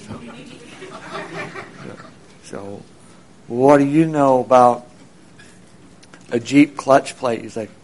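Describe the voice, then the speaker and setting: A man with a voice of middle pitch tells a story in a loose, rambling way. He fills it with ums and restarts and briefly acts out the people in it. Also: steady tone, measured pace, long pauses, a little mellow. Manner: rambling, with many fillers and restarts, acting out quoted dialogue. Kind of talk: casual spoken storytelling.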